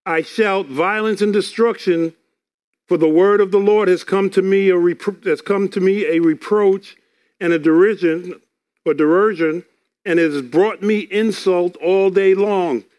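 A man's voice: high-pitched, a little slow, a little mellow. A man preaching a sermon, reading scripture aloud and explaining it earnestly, often repeating words.

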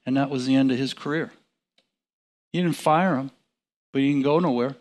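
A man teaching from the Bible in a relaxed, conversational way, chuckling and restarting his sentences. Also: medium pitch, brisk, long pauses. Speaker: preacher.

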